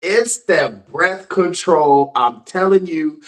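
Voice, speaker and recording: A man's voice: fairly high pitch, expressive, slow, background noise. Emphatic male show host. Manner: emphatic, calling out, repeats lines for effect. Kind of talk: commentary show rant.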